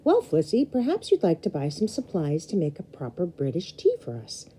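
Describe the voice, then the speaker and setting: A brisk, no-nonsense old grandmother with a firm, commanding voice, as a woman reading aloud puts her on. The tone is low, dark and husky. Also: huge pitch swings, heavily acted. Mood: coaxing.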